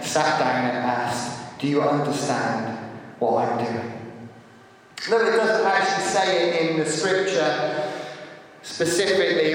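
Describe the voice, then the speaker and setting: A man delivers a sermon, telling a Bible story and briefly voicing its characters. His voice sits a little high. He is recorded from far off in a large hall with a long, booming reverb. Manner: storytelling, acting out biblical characters with lively shifts. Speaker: preacher. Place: church hall.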